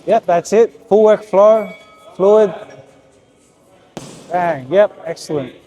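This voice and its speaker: In a boxing gym, a coach works hands-on with a young boxer at a heavy bag, giving short, repeated, encouraging cues. His voice sits high, slow and mellow, with the highs cut off.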